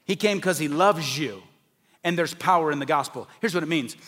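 A male preacher with a fairly high-pitched voice delivers an evangelistic sermon. He is emphatic, building to forceful, raised peaks and then dropping low, and he sometimes acts out the voices of doubters. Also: brisk.

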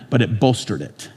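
A middle-aged male pastor preaching a sermon in a conversational, storytelling way, his pitch rising when he gets emphatic. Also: a little mellow, breathy edge. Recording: long reverb of a large church hall.

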